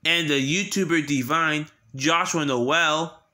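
A man voicing a cheerful young boy tiger from a children's cartoon, in a sing-song, gentle manner. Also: on the high side, slow pace. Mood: friendly. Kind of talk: fan imitation of a children's cartoon.

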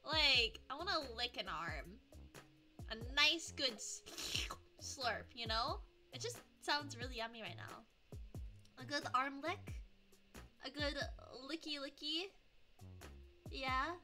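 Very high, bright bubbly streamer woman. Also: lively intonation, slow, pauses often. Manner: bubbly, greets viewers with pet names. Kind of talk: casual live-stream chat. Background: faint background music.

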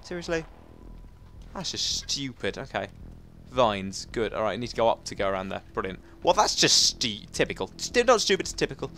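Man, let's play commentary, excitable chatter, very lively pitch. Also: a little fast, slight background noise. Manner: chatty, excitable, talks to himself. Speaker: gaming commentator.

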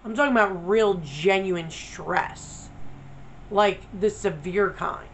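Blunt woman venting with vocal fry. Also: mid-range voice, takes it slowly, a little hiss or hum, low-quality recording. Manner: blunt, profane and emphatic; venting, frustrated. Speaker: vlogger. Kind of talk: candid personal vlog.

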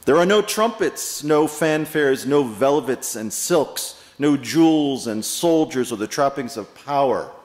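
A male pastor preaching a sermon, telling stories in a measured way with pauses and stressed words. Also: medium pitch, expressive, darkish tone. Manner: measured storytelling with pauses and emphasis. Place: church sanctuary. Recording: echoey hall with long reverb.

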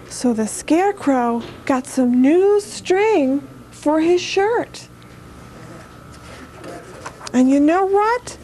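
A woman's voice: sits high, lively intonation, extremely slow, long pauses, dark tone, a little hiss or hum. A woman reading a picture book aloud to young children in a television studio, in a patient sing-song manner that coaxes them to answer. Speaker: children's story reader.

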